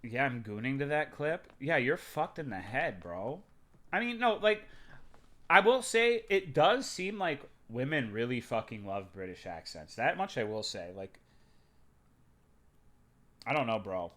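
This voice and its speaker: A man's voice: mid-range voice, animated, measured pace, a bit bright. Crude, rambling young streamer guy. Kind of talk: casual live-stream chat, reading chat.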